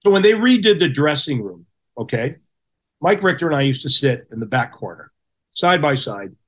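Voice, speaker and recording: A man's voice: fairly high pitch, moderate pace. A middle-aged man, a former hockey goaltender, telling stories as a podcast guest and acting out the people he quotes. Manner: animated storyteller who acts out quotes. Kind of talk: casual storytelling.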